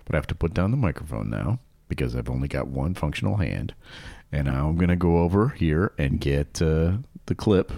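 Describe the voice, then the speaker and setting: A man's voice: rumbling low, animated, a little fast, vocal fry, warm tone, no echo. A middle-aged man co-hosting a podcast, chatting casually with dry humor. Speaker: podcast co-host. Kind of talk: casual chat.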